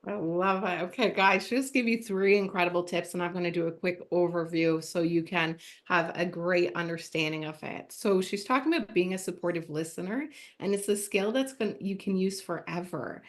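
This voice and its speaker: Woman interview host, upbeat, lower-pitched, addresses the audience directly. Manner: upbeat, summarizing for listeners. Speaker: podcast host. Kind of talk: interview conversation.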